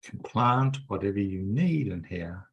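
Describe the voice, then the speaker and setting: Gravelly-voiced man guiding a healing meditation. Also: lowish voice, animated, moderate pace, lo-fi sound. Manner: soothing, repetitive coaxing with many fillers. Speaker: energy healer leading a group session.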